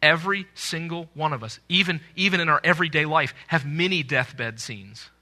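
Bright-voiced preaching man. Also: moderate pace. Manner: earnest preaching, swells loud on scripture quotes and drops low at phrase ends. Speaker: pastor. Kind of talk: sermon.

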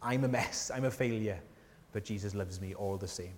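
A man preaching a sermon in a church, earnest and conversational, often asking the listeners rhetorical questions and dropping softly on key lines. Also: lowish voice, moderate pace, slight background noise. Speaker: pastor. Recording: long hall reverb from a church.

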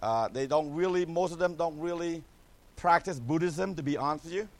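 Middle-aged man, missionary pastor, slightly high voice, joking with "amen?" asides. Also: moderate pace. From Cambodia. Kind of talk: mission update to a church.

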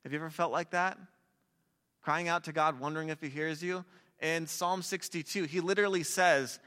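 A man preaching a sermon in a relaxed, conversational way, with jokey asides to a young audience. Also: on the high side, normal speed. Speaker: pastor. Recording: long hall reverb.

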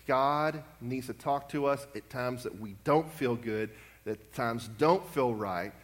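A man's voice: mid-range voice, unhurried. A man preaching a sermon as a pastor, impassioned and building to urgent emphasis. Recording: long hall reverb.

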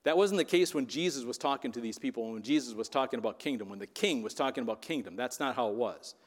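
A man's voice: mid-range voice, animated, fast talker, long reverb tail. A man preaching a sermon as pastor, in a conversational way that keeps checking in with the congregation. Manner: conversational, keeps asking "right?".

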